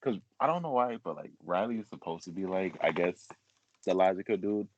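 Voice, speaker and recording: Male host, very deep, rambling casual chat, lo-fi dull recording. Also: animated, a little fast, a little hiss or hum. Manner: rambling, filler-heavy, laughs often. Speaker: podcast host.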